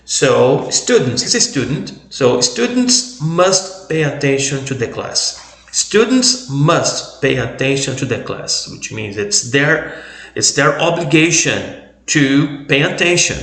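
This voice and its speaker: A man whose first language is Portuguese, explaining English grammar in a video lesson, slowly repeating example sentences. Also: mid-range voice, very animated, creaky, fairly bright tone, echoey room. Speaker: English teacher.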